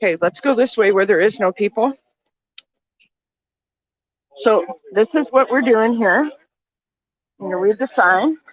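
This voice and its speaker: A woman's voice: a little high, expressive, unhurried, long pauses, highs cut off. A woman vlogging on a handheld phone as she walks outdoors through a snowy ski resort village, out of breath and talking chattily to her viewers as friends. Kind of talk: walking vlog.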